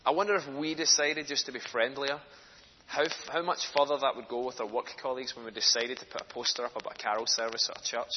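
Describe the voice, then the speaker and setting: A man's voice: medium pitch, fairly even intonation, fast. A man delivers a church sermon and moves from easy storytelling to fervent emphasis. His voice rings through a reverberant hall. The recording sounds muffled and lo-fi, with a faint hiss underneath. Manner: earnest, storytelling, rising to passionate emphasis. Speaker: speaker for a children's charity preaching in church. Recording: echoey hall, dull lo-fi sound, faint noise.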